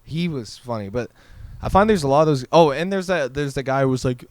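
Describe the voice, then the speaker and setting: A man's voice: mid-range voice, animated, brisk, a little mellow, no room sound. A man co-hosting a casual podcast, telling stories in a loose, profane way with lots of filler words. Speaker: podcast co-host. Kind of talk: casual chat.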